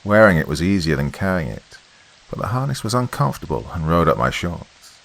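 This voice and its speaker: Deep-voiced man narrating a horror story. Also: very animated, brisk, gravelly, a bit bright, low-quality recording.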